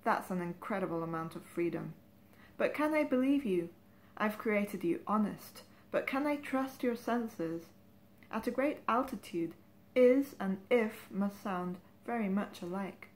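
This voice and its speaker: An excitable, self-important male author holds forth, as a woman reading aloud puts him on. His lines come out raised and grand, climbing into exclamations as he gets carried away. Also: medium pitch, unhurried, roomy sound, lightly acted. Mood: wondering.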